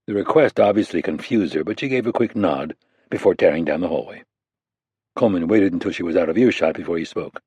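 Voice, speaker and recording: A man reading a thriller audiobook aloud in a measured, steady narration. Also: deep voice, breathy edge, no echo. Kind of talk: scripted narration.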